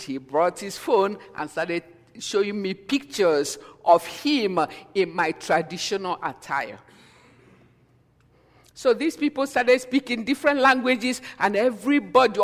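A man preaching a sermon as pastor, storytelling that swings between hushed and emphatic. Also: high-pitched. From Nigeria. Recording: long hall reverb.

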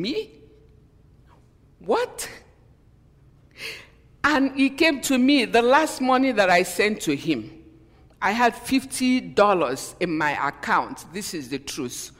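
Slow-spoken woman preacher in a reverberant hall. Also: fairly low pitch. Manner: emotional, repeats "you know", stops and restarts lines. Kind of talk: sermon, personal testimony.

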